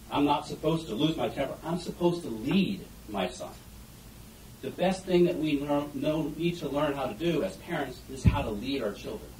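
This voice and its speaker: A man's voice: a little high, slight background noise. Man telling parenting stories on stage. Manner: animated storytelling with audience questions. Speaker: speaker giving a short stage talk on parenting. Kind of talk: humorous public talk. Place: event hall before an audience. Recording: echoey room heard from a distance.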